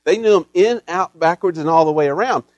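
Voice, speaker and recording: A middle-aged man preaches in a folksy, storytelling manner, mixing humor into his sermon. His voice sits a little higher than most men's. The sound is dry and close, with no room echo. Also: fairly quick, darkish tone, dull audio. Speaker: pastor. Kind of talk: Mother's Day sermon.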